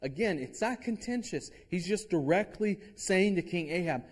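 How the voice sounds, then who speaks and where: A man's voice: high-pitched, sing-song, a little fast, few pauses, darkish tone, slightly rough. A male pastor who preaches a sermon in an earnest, emphatic way and uses rhetorical questions.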